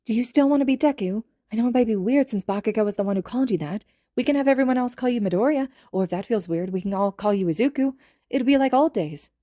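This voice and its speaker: A woman voicing an excitable, unhinged teenage girl who squeals and gushes, in a storybook reading. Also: a little high, fast, no room sound, clean studio sound, pitched above the performer's own voice, close to an everyday voice. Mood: excited. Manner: squealing, gushing.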